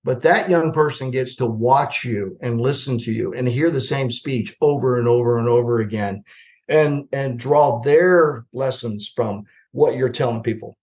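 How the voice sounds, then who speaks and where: Older man, from the midwest, retired general as podcast guest, animated anecdotes, muffled call audio. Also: mid-range voice, unhurried. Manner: plainspoken, animated storyteller who acts out remembered dialogue. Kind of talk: conversational storytelling on a podcast.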